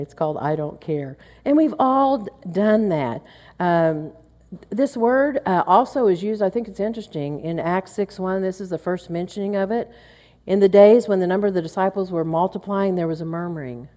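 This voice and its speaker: A woman's voice: on the low side, warm tone. A middle-aged woman teaching a women's Bible study, earnest and chatty, acting out muttered asides under her breath. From Oklahoma. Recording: long hall reverb.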